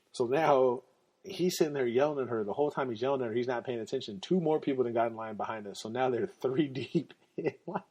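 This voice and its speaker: A man hosting a podcast, telling casual stories in an animated, slangy way and laughing often. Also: mid-range voice, slightly rough. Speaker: podcast host. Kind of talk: casual storytelling.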